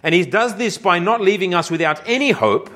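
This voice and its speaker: Male pastor, slightly high voice, measured emphatic sermon delivery. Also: expressive. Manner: slow, emphatic preaching with deliberate pauses; drops low and quiet on key phrases.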